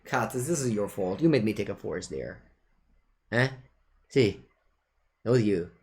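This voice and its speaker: His voice sits on the low side and sounds a little mellow, with lively intonation at a normal speed. This man offers casual live-play commentary on a digital card game, chatty and playful, and keeps breaking off to talk to his cat.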